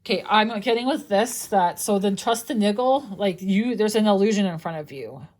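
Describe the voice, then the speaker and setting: A woman's voice: medium pitch, moderate pace, darkish tone. Chatty young woman reading tarot. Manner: chatty, swears freely, lots of likes and restarts. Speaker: tarot reader.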